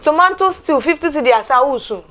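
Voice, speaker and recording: Ghanaian woman hosting, steady murmured prompts. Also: high-pitched, quick pace. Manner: frequent murmured backchannel, teasing questions. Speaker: TV show host. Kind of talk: casual interview.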